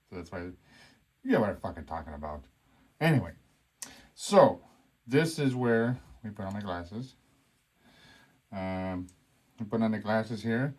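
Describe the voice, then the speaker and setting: A hobby vlogger with a fairly low, slightly mellow voice talks casually while building a kit. His speech is profane and loose, packed with fillers and frequent swearing.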